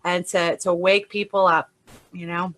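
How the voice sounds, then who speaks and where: A woman's voice: lowish voice, little pitch movement, unhurried, fairly bright tone. A woman as a guest on a radio talk show, speaking casually and laughing easily. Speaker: guest, documentary maker.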